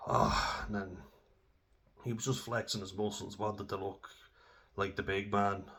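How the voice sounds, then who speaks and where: A man's voice: fairly low pitch, level tone, normal speed, bright, forceful tone. A young Irish man telling candid, sweary stories about his own drinking, casual and self-deprecating. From Ireland. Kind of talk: candid personal storytelling.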